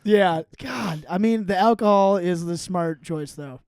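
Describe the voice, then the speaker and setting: High-voiced joking podcast guy. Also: measured pace, a little mellow, clear, resonant tone, no room sound, studio quality. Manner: joking, laughs often, does silly voices. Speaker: comedy podcast co-host. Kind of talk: casual chat.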